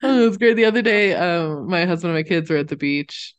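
A woman co-hosting a podcast, telling stories in a casual, animated, playful way. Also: lowish voice, clean tone, dull audio. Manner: animated, playful, quick to act out voices. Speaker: podcast co-host. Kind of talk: casual chat, storytelling.

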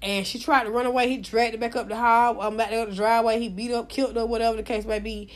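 Loud, profane high-voiced woman host. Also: quick pace. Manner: loud, profane, fussing and animated. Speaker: live audio room host. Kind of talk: casual live-stream chat.

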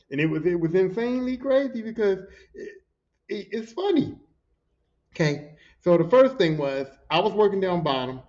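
High-voiced man telling profane work stories. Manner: profane, animated, emphatic. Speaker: podcast host, pile driver. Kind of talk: casual storytelling. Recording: dull lo-fi recording.

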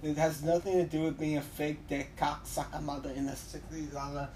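A foul-mouthed vlogger rambles through a rant, acting out quoted exchanges and jumping from loud outbursts to low mutters. The voice sits at a middling pitch and is heard from some distance away from the mic. A faint background noise stays under it the whole time. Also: little pitch movement, fairly quick. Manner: swears freely and acts out quoted exchanges.

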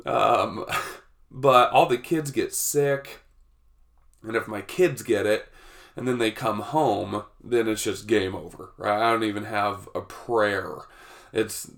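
A man's voice: lowish voice, takes it slowly, gravelly, fairly bright tone. A man, hosting a casual solo podcast, a bit congested from a cold, chatty and laughing often. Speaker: podcast host.

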